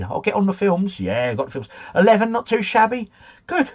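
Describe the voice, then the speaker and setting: A man's voice: high-pitched, sing-song, moderate pace, lo-fi sound. A man hosting a casual live quiz stream, chatting and joking as he reads out answers and viewer scores. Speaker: quiz host.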